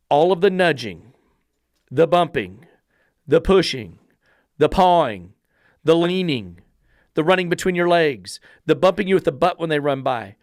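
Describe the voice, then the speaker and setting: A man gives a lecture on dog training in a blunt, profane, emphatic way, firing rhetorical questions at the listener. His voice sits somewhat high for a man. The recording is dry and close. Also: no room sound. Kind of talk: instructional monologue.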